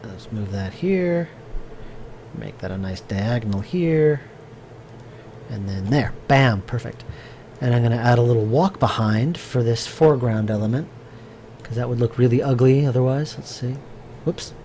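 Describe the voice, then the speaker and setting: A game developer streams his work live, thinking aloud casually in a mid-range, warm voice that runs a little slow with frequent pauses. He rambles with fillers and restarts while answering viewer chat, and there's slight background noise.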